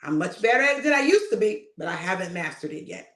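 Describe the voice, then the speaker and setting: A woman's voice: on the low side, very animated, fast, a bit bright. Emphatic woman preacher in echoey room. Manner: emphatic and conversational, addressing listeners directly. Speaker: prophetic minister. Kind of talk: informal spoken sermon.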